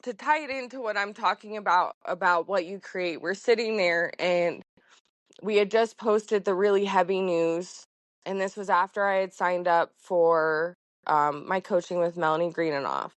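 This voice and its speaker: A woman's voice: on the low side, normal speed, dry recording. A woman farmer talking as a podcast guest in a casual, heartfelt way with many fillers. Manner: chatty, heartfelt, lots of fillers. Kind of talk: casual conversation.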